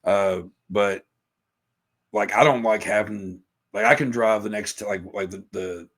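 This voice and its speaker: A man's voice: on the low side, fairly even intonation, measured pace, fairly bright tone. A man, chatting on a podcast in a rambling, profane and self-mocking way. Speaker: podcast guest, musician. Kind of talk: casual podcast chat.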